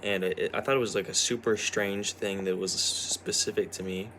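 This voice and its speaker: A young man with a fairly low voice talks to camera in a loose, halting vlog ramble. He is worn out from a sleepless night and keeps circling back with fillers and false starts. A faint hiss runs under the recording. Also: fairly even intonation, a bit bright. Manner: hesitant, full of restarts and "like". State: tired after staying up all night. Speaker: vlogger.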